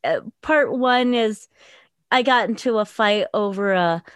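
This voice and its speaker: A woman guest on a podcast, telling a story in an animated way and swearing freely. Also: medium pitch, a little slow, smooth, no echo.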